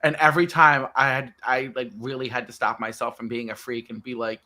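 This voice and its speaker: Bright-voiced man telling a story. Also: mid-range voice, flat delivery, fairly quick. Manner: laughing storyteller, swears. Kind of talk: casual chat on a livestream.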